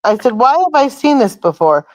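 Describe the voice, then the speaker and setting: A woman's voice: high voice, very animated, moderate pace, no echo. A woman hosting a casual chat, telling a long rambling story and swearing freely. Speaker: host.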